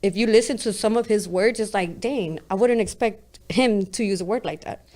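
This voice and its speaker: A woman's voice: medium pitch, moderate pace, a little mellow. A woman rapper with a New York accent talks through an interview in a loose, streetwise way. She speaks bluntly, swears easily and keeps checking in with "you get me?". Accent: New York-style. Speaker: guest rapper. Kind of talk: casual interview talk.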